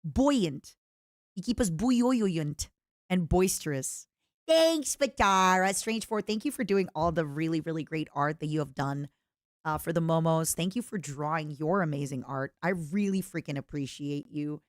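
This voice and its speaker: A woman's voice: deep voice, normal speed, dry recording, studio quality. Playful streamer woman, slightly strained throat. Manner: expressive, jumps from squeals to soft murmurs, repeats words playfully. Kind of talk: casual live-stream chat reading fan letters.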